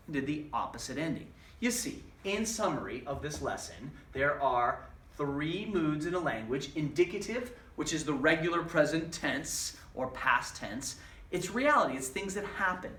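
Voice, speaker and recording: A man's voice: on the high side, fairly bright tone, far from the mic. A man teaching a Spanish lesson, explaining grammar patiently and repeating examples step by step. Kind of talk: recorded classroom lesson. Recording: echoey room, voice off-mic.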